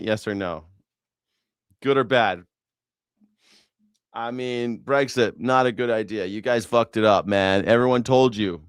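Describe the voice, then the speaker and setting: A man's voice: lowish voice, measured pace, pauses often, clean tone, no echo, clean studio sound. A man hosting a news reaction livestream, sarcastic, profane and mocking. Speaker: host.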